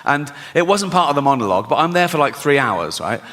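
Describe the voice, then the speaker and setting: Bright-voiced man doing stand-up in a hall. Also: on the high side, sing-song, fast. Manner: conversational, keeps asking "right?", acts out quotes. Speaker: stand-up comedian. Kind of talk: stand-up comedy routine. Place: large live venue with audience. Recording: live hall reverb, faint room noise.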